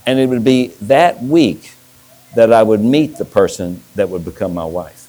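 A man's voice: lowish voice, animated, moderate pace, mellow, poor audio. A middle-aged man, a pastor, preaching a sermon and telling stories with restarts. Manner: storytelling with restarts and acted-out quotes.

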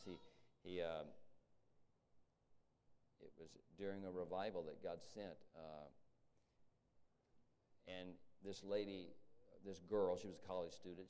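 A middle-aged man preaching a sermon, halting and restarting often, then rising to emphatic peaks. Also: deep voice, dark tone, smooth.

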